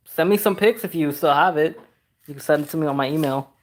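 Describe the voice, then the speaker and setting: A Trinidad-born man in his thirties hosts a relaxed livestream and answers viewer comments one by one. He reads each question aloud and replies in a loose, easygoing way, laughing often. His talk stays chatty and informal throughout. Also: a little high, fairly quick. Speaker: car customizing channel host.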